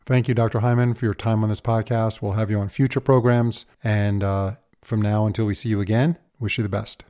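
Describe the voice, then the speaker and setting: A man hosting a podcast interview, asking questions and praising the answers in a measured way. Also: fairly low pitch, level tone, mellow. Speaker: podcast host, dentist.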